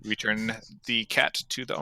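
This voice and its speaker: Bright, crisp-voiced male player. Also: lowish voice, flat delivery, a little slow. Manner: hesitant, restarting sentences. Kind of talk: casual tabletop play.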